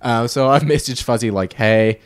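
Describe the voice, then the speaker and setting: A man's voice: medium pitch, normal speed, smooth, dry recording. Casual man telling a long story. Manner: rambling storyteller, swears casually. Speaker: podcast co-host. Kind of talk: casual podcast chat.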